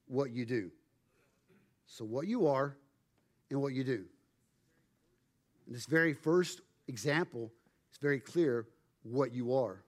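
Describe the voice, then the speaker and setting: A man preaching a sermon, emphatic and measured, with dramatic pauses. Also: medium pitch. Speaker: pastor.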